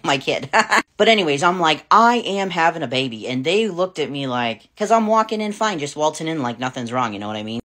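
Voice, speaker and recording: A woman's voice: low voice, fairly bright tone. A woman vlogger telling a personal story to camera in a frank, casual way, swearing freely and laughing often. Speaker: parent vlogger.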